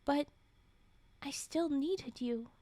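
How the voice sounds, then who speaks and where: A woman reading aloud in the voice of a distraught young woman who keeps breaking off mid-plea, her delivery halting and tearful. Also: high voice, dark tone. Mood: pleading.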